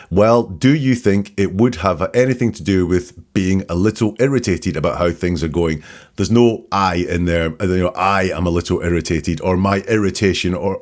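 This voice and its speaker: A man's voice: deep voice, darkish tone. A man hosting a commentary, methodically breaking down the words of an interrogation. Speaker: host and analyst. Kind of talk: analytical commentary.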